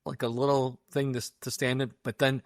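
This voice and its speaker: A man's voice: medium pitch, little pitch movement, brisk, no echo. A man co-hosting a podcast in casual chat, easygoing and rambling, recorded close and dry. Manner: easygoing, rambling storyteller with fillers. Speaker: podcast co-host.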